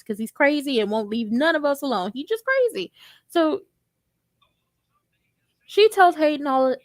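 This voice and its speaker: A young woman in a sassy, joking tone recapping a TV episode in a casual, animated way. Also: a little high, dry recording. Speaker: tv recap vlogger.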